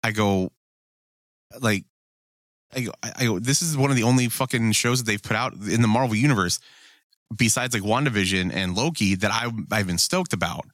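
Brief: male co-host with a low, bright voice, swearing freely in animated banter. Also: no room sound, clean studio sound. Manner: profane, animated, quick to act out quotes. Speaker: podcast co-host. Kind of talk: casual chat.

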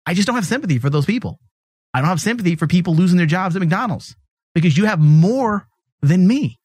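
A man with a slightly high voice hosts a casual podcast, blunt and mocking. The sound is dry and close, with no room around it. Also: animated, fairly quick, darkish tone, slightly rough, dry recording. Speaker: podcast host. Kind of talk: casual comedy chat.

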